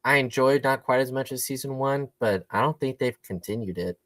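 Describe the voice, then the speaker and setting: A man's voice: medium pitch, a little fast, a bit bright, dry recording. A man co-hosting a casual podcast, chatty and rambling with fillers. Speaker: podcast co-host. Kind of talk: casual chat.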